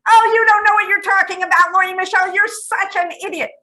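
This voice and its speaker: A woman's voice: steady tone, bright, forceful tone. A woman putting on a scornful, mocking male inner voice. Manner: scornful, shrill and fast.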